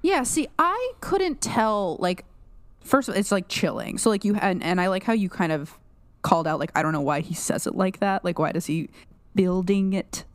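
A woman's voice: mid-range voice, animated, moderate pace, no room sound. A young adult woman co-hosting a casual podcast, picking apart a show in rambling, analytical talk full of restarts and "like". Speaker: podcast co-host.

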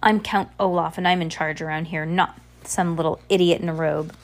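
A woman's voice: low-pitched, fairly even intonation, normal speed. Woman reader doing a pompous, sneering villain, bossy and contemptuous. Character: grandiose villainous count, sneering, bossy man.

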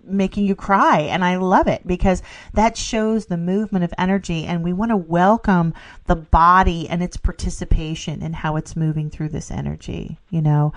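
A woman's voice: on the low side, steady tone, normal speed. A middle-aged woman co-hosting a casual spiritual podcast, enthusiastic, laughing often and filling with "you know". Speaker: podcast co-host.

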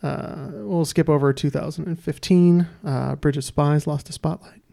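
Gravelly man hosting a trivia round. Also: fairly high pitch, steady tone, mellow. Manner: reads questions slowly and deliberately, with many "uh" fillers. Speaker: quiz host. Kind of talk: casual podcast trivia game.

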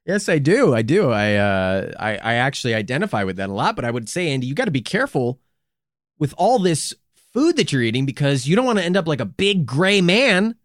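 A man's voice: medium pitch, very animated, brisk, fairly bright tone, no echo, clean studio sound. A man co-hosting a comedy podcast, bantering and riffing along with his partner's jokes. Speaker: podcast co-host. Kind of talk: comedic casual chat.

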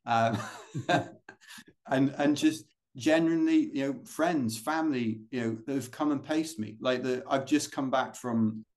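British guy rambling through stories on a podcast, lots of ums and restarts, middle pitch. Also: unhurried, darkish tone. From United Kingdom. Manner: chatty, rambling, many fillers and restarts. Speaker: podcast guest, ultrarunner. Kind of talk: casual interview storytelling.

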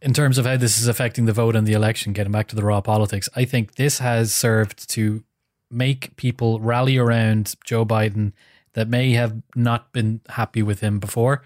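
A man's voice: fairly low pitch, level tone, normal speed, a little mellow, no room sound, studio quality. A man co-hosting a podcast, talking politics in a wry, storytelling way. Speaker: podcast co-host. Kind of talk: casual political chat.

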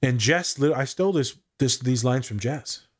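A man's voice: mid-range voice, moderate pace. Fields: Sex: man. Role: podcast therapist. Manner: casual, swears freely. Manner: swears freely, quotes others in animated voices, repeats words.

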